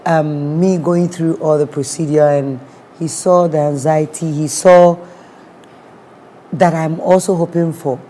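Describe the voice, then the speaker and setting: A woman with a Ghanaian accent talks a little slowly, her low, dark voice keeping fairly even intonation. As a guest recounting a personal story with emotion, she acts out people's words and weaves in Twi, with a little hiss or hum audible.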